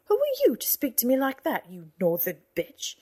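A woman voicing a domineering, arrogant male fort leader who blusters and shouts scornfully, in a storybook reading. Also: medium pitch, lively intonation, normal speed, husky. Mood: furious.

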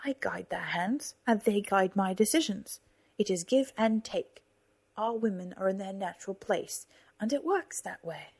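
A woman voicing a domineering, arrogant male fort leader who blusters and shouts scornfully, in a storybook reading. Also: mid-range voice, lively intonation, moderate pace, vocal fry, slightly rough. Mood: boastful.

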